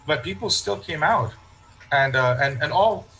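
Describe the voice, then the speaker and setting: A man's voice: fairly high pitch, lively intonation, measured pace, fairly bright tone, slight background noise, rough recording. A man, a parish priest, talking in a casual interview and telling stories that he acts out with quoted remarks and frequent restarts.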